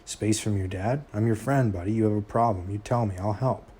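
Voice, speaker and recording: A man's voice: on the low side, brisk, mellow, husky. A man reading aloud, voicing a manipulative estranged father who turns cold and menacing. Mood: bitter. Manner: clingy, turning cold and menacing.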